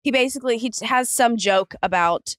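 A woman guesting on a casual podcast, blunt and quick to laugh, swearing now and then. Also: on the high side, fairly bright tone, dry recording, clean studio sound. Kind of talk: casual chat.

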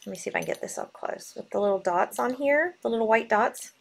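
A woman's voice: a little high, fast talker, gravelly, slight background noise. A woman hosting a live sale, bubbly and gushing as she talks. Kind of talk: live selling stream.

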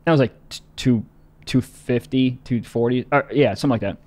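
A man co-hosting a casual podcast chat, profane and animated, often jumping into high mock voices. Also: fairly quick. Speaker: podcast co-host.

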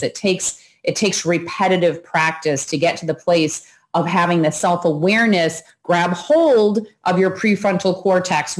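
Calm woman coaching a breathing exercise. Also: lowish voice. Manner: calm, instructive, pauses to guide breathing. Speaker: host. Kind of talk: coaching talk to viewers.

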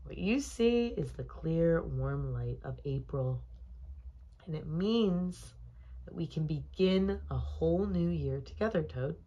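A woman voicing an eager, cheerful male frog in a read-aloud storybook, calling out excitedly to his friend. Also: low-pitched, takes it slowly, lo-fi sound, exaggerated voice. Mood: urgent, coaxing.

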